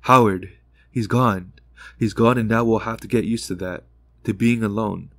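A grieving mother on the edge of rage, as a male narrator voices her, lifted higher and pushed louder than the telling around her. Her words come out raw and bitter, in a dry, close audiobook sound. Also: fairly even intonation, moderate pace, no room sound, close to an everyday voice. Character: grieving furious mother, middle-aged woman.

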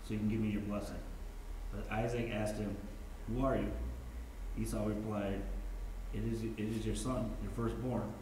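A man's voice: fairly low pitch, level tone, darkish tone. Man reading scripture from across an echoey room. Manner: halting reading with restarts. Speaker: Bible study participant reading aloud. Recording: far-off mic in a very echoey room, faint noise.

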